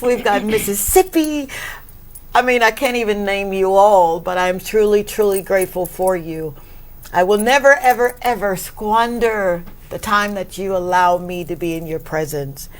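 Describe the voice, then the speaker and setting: Woman talk show host; slow, effusive delivery, frequent laughter, big emotional thank-yous. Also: mid-range voice. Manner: emotional, laughs often, animated shout-outs. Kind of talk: warm effusive interview talk.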